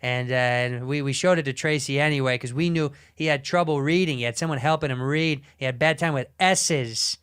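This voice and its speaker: A man telling a rambling, profane story in a casual, animated way. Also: medium pitch, a little fast, few pauses, smooth.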